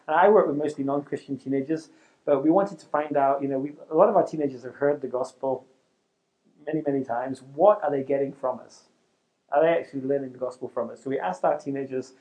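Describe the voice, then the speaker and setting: Addressing youth workers in front of a live crowd, a middle-aged man who heads a youth ministry keeps things lively and conversational, his voice a little on the high side.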